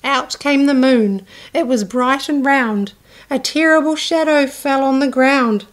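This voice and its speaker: Childcare storyteller: high-voiced woman, reads a picture book slowly, acts out each character. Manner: slow, expressive, doing voices for characters.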